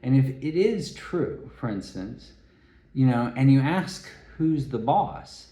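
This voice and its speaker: Guy thinking out loud, lots of stops and restarts, mellow voice, roomy echo. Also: medium pitch, animated. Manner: halting, many restarts and trailing phrases. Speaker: solo talk host. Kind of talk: rambling spoken monologue. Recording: echoey room.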